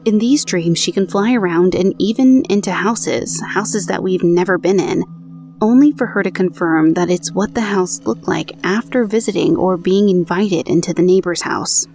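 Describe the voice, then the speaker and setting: A woman with a fairly low voice hosts a spooky podcast, reading listeners' paranormal stories into a booth mic. She moves between steady reading and chatty, self-mocking asides. Soft music sits faintly underneath. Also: normal speed. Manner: conversational, self-deprecating asides. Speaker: podcast host. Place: home recording booth.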